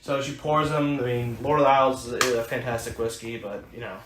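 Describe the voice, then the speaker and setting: A man's voice: mid-range voice, flat delivery, fast talker. An American man, a podcast co-host, telling a long story in a rambling way, with many restarts and fillers. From United States. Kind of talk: casual chat. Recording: echoey room, faint hiss.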